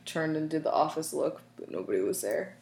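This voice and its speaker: Giggly lower-voiced woman in a roomy space. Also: lively intonation, gravelly, darkish tone. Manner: giggly, gushing, quick asides. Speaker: podcast co-host. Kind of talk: casual chat among friends. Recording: roomy echo.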